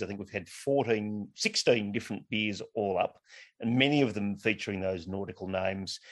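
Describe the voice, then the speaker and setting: A middle-aged man hosts a podcast in an upbeat, enthusiastic way, with a fairly low voice. He leans on filler words as he talks. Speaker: podcast host. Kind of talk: casual interview podcast.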